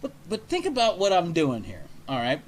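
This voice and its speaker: A man's voice: sits high, huge pitch swings, moderate pace, slight background noise. A man hosting a casual talk show, telling a long story in a rambling, profane way. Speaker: radio show host.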